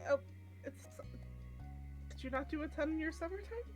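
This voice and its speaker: A young woman chats playfully on a game stream, often breaking into laughter. Her voice sits high and leaps around in pitch. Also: animated, normal speed, music in the background. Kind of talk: casual chat while playing a game.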